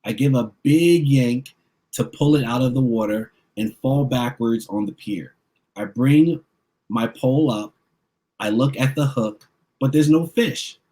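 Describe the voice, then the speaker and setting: A man's voice: medium pitch, unhurried, dark tone. A children's book author reading his picture book aloud, narrating expressively in the first person.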